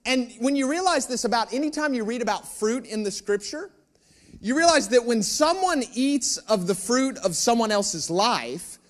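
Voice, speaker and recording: A male pastor preaching, telling a personal story in an animated, self-mocking way with asides to the room. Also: extremely high pitch, moderate pace.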